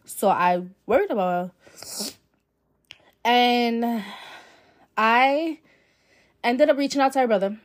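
A woman's voice: on the high side, takes it slowly, long pauses. Chatty young woman telling a story. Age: young adult. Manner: candid and chatty, many fillers and swearing. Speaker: podcast host. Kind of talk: casual storytelling. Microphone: solo podcast mic.

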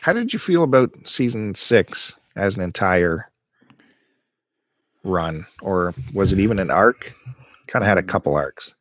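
A man co-hosting a podcast in casual chat, who bursts into animated, exasperated rants. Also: deep voice, measured pace, no echo, studio quality. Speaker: podcast co-host.

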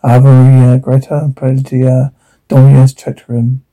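A man reading a frightened woman's fervent prayer in a halting, stumbling way. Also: medium pitch, monotone, mellow, lightly acted, rough recording.

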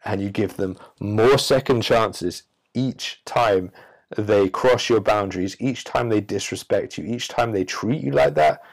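A man's voice: on the low side, measured pace. A man hosting a solo podcast, speaking in a blunt, profane and preachy way. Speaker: podcast host.

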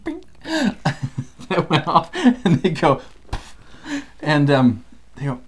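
A man co-hosting a casual scripture study, talking in a playful, animated way and laughing often. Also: fairly high pitch, very slow, long pauses, breathy edge. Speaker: co-host teaching scripture.

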